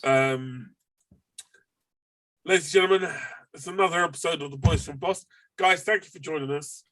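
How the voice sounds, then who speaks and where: A man's voice: on the high side, normal speed, fairly bright tone, no room sound. A man hosting a casual podcast chat. He rambles with lots of fillers and the odd swear word. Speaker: podcast host.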